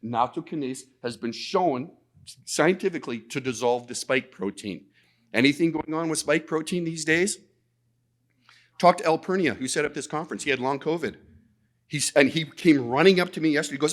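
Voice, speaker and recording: Animated man telling a story at a conference. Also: on the high side, moderate pace. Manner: animated, repeats words, acts out quoted dialogue. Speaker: conference speaker. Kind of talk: storytelling presentation. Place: conference talk.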